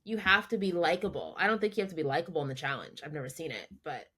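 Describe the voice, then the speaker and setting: A woman co-hosting a chat podcast with a slightly low voice. She talks in an easy, conversational way and gives firm opinions. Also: fast, sharp tone, slightly rough. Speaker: podcast co-host. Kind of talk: casual chat.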